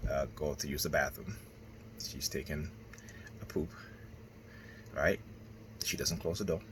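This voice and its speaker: Very deep-voiced man rambling to camera. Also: fairly bright tone, slight background noise. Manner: rambling, with constant "right?" and "okay?" tags. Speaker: vlogger. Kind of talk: casual monologue to camera.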